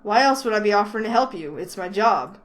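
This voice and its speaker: A woman voicing a grumpy, blunt young male store clerk with a Southern accent, flat and stubborn. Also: medium pitch, quick pace, natural voice, rough recording. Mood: defensive.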